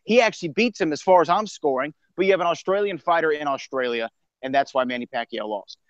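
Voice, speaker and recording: Opinionated male radio host, slightly high. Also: fast, dull audio. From Texas. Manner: emphatic, opinionated, storytelling. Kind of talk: casual sports and pop-culture debate. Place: radio studio.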